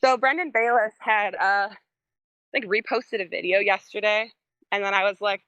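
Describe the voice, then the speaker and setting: A woman's voice: mid-range voice, normal speed, bright, forceful tone, dry recording, dull audio. Young female musician guest, chatty and giggly, dry close sound. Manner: rambling, heavy use of "like", laughs often. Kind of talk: casual podcast chat.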